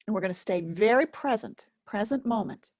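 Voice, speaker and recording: A woman teaching a guided self-help lesson, speaking gently and slowly with many pauses. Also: mid-range voice, lively intonation, no room sound, clean studio sound. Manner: gentle, slow and pausing, speaks as if to a listener. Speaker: focusing teacher.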